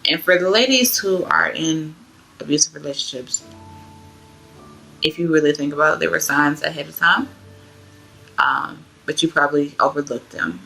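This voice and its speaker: A young woman tells her own story in a casual, rambling way. Her voice sits low and carries a gravelly fry. It also has a bright, forward edge. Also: moderate pace, long pauses, faint music behind. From Georgia, US. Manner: chatty, loose, many "like" fillers. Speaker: vlogger sharing her testimony.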